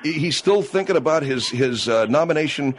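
A male talk radio host, argumentative and quick to snap, his pitch swinging widely around a fairly high voice. The call-in has a faint noise bed under it. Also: animated.

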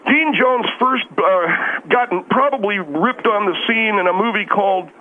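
Bumbling male caller voiced by a man, high voice, halting delivery, heard over a tinny phone line. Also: slight background noise. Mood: flustered. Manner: halting, stumbling, fumbles names.

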